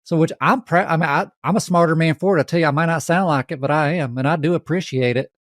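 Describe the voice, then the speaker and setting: A man's voice: a little high, fast, no room sound, clean studio sound, lightly acted. A man hosting a podcast, putting on an exaggerated folksy Southern twang. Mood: folksy teasing. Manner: folksy, drawling, teasing. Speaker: podcast host.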